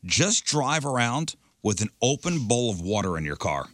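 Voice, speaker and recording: A man's voice: medium pitch, very animated, moderate pace, a bit bright, no room sound, studio quality. A man co-hosting a casual talk show who reads out news items in a matter-of-fact way. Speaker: radio show co-host reading news items.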